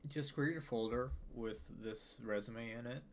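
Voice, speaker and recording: A man's voice: medium pitch, measured pace, slight background noise. A man in casual late-night chat with a friend, laid-back and slangy with a drawl.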